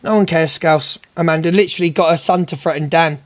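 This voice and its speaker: A man's voice: fairly high pitch, fairly even intonation, quick pace. A man hosting a livestream, ranting confrontationally at a viewer and repeatedly calling her darling. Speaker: livestream host. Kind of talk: heated livestream rant.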